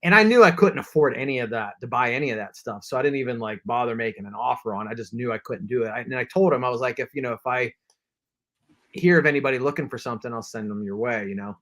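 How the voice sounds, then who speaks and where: A man's voice: medium pitch, quick pace, fairly bright tone. A man on a collectors' live stream telling a long story in casual chat, acting out quotes and padding with fillers. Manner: rambling anecdote with acted-out quotes, many fillers.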